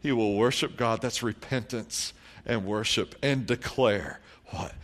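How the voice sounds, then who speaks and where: A man preaching a sermon as pastor, telling a story from his congregation and quoting its members, moving from quiet, low reflection to loud, drawn-out emphatic declarations. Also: animated.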